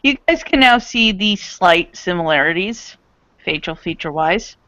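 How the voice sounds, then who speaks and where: A woman narrating as game master of a tabletop role-playing game in a casual, unhurried way. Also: lowish voice, expressive, sharp tone, dry recording, dull audio.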